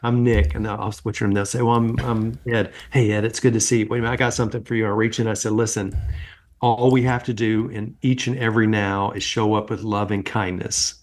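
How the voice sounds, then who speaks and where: A man's voice: fairly low pitch, a little fast. A middle-aged man, a guest on an interview show, casually telling stories and acting out the conversations he recalls. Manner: animated storyteller, acts out quoted exchanges.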